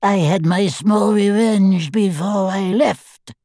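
A reader voicing a sly, higher-voiced male goblin who talks in a cold, clipped, mocking way. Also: takes it slowly, darkish tone, no echo, studio quality. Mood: scornful. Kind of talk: audiobook character voice.

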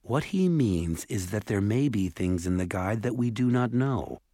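Female elf read by a man, proud, formal, measured, dry close sound. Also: lowish voice, animated, mellow, no echo. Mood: cool. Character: cold, proud female elf, green-eyed. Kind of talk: audiobook character voice.

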